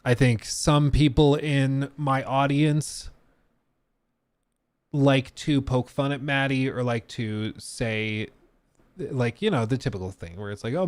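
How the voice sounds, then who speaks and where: A man's voice: mid-range voice, no echo. Man chatting on a live stream, dry sound. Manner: talks while reading and answering chat, many fillers and trailing asides. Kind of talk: casual live-stream chat.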